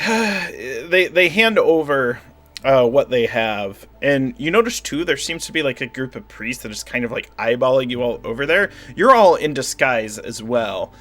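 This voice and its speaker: A man narrating as game master of a tabletop spy game, relaxed and joking. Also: mid-range voice, moderate pace. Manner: relaxed, joking, trails into laughter.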